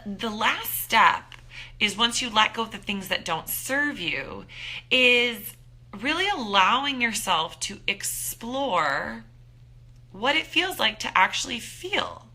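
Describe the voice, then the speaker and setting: A woman in her thirties giving an upbeat, animated motivational talk as a wellness coach, acting out her own thoughts. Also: medium pitch.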